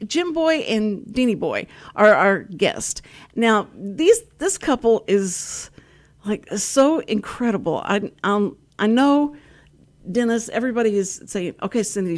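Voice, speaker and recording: An older woman hosting a community radio talk show, chatting and laughing often as she tells stories. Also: fairly high pitch. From Texas. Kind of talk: casual radio chat.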